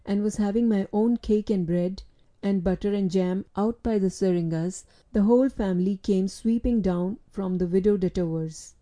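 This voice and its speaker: A woman narrating a storybook in a steady, clear reading voice. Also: medium pitch. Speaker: audiobook reader.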